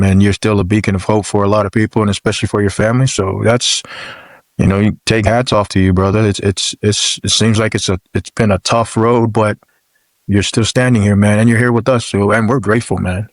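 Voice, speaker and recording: A low-voiced man co-hosts a podcast, affirming and encouraging, often repeating words as he gathers his thoughts. The sound is close and dry. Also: little pitch movement, fairly quick, no echo. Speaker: podcast co-host. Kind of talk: podcast conversation.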